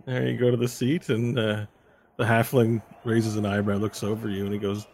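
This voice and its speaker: A man's voice: lowish voice, level tone, moderate pace, creaky, darkish tone, a little hiss or hum. A man narrating a tabletop game as game master, describing scenes and asking a player what he does.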